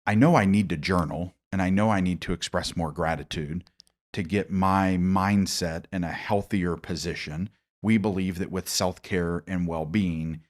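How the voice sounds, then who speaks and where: Low-voiced man hosting a podcast. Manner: thinks aloud, builds on guest's points with personal examples. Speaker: podcast host. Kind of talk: podcast conversation.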